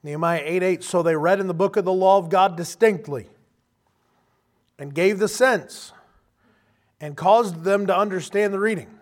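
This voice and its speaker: A preacher with a high-pitched voice delivers a sermon at normal speed, leaving long pauses. He speaks conversationally and with animation to the congregation, slipping into quoted voices along the way.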